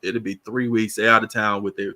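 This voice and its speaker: A man's voice: lowish voice, brisk. A man in his fifties co-hosting a casual chat, joking and laughing as he tells stories. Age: 50s. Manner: laughing, joking, animated storytelling. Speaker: podcast co-host.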